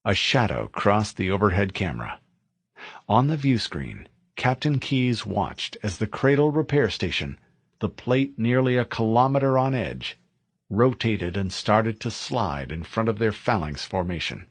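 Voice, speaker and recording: A man narrating a military science fiction novel in a steady, dramatic audiobook reading. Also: lowish voice, a little slow, husky, dry recording.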